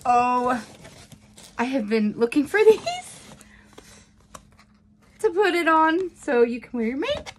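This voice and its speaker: A woman in her thirties unboxing a gift on a phone camera, gushing with thanks between slow, halting fillers. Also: high voice, very animated, slight background noise. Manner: gushing and grateful, many fillers. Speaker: beauty seller unboxing a gift. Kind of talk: casual unboxing vlog.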